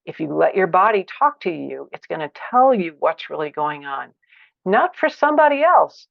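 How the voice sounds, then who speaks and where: A woman giving a workshop lecture, expressive, acting out feelings with sighs and exclamations. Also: on the low side, normal speed, vocal fry, no echo, lo-fi sound. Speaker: teacher of a conflict practice.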